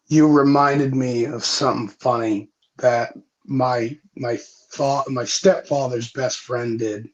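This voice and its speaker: A man's voice: mid-range voice, steady tone, takes it slowly. A man co-hosting a casual chat, reacting to stories with short exclamations. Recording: dull lo-fi sound.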